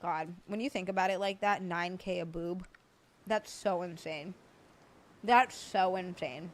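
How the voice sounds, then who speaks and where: A woman's voice: mid-range voice, a little slow. A young woman live streamer chatting casually with her viewers from home, playful and blunt, often laughing. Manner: blunt and playful with crude jokes. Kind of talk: casual livestream chat answering viewers.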